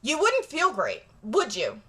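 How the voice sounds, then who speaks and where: Blunt, bright-voiced woman ranting to camera. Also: high-pitched, wildly swooping pitch, unhurried. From Jamaica. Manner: blunt, profane, emphatic. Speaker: vlogger. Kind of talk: direct-to-camera rant.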